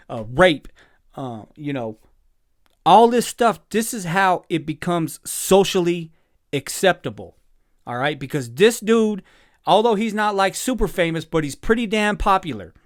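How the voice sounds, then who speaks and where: A man's voice: on the high side, no echo, studio quality. Indignant man ranting over a clip. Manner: indignant, exasperated, swears and apologizes. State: upset. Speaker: commentator reacting to a clip. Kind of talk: angry reaction commentary.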